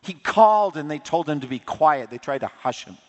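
A man preaching a sermon with passion, surging louder on key points and dropping low and quiet for personal appeals. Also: expressive, brisk, lo-fi sound. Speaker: pastor. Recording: long hall reverb.

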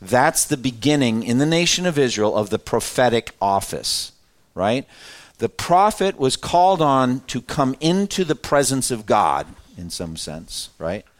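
A man's voice: medium pitch, measured pace. Man teaching a Bible class. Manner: reads scripture aloud with lively emphasis, then breaks off to explain; conversational, asks the class questions.

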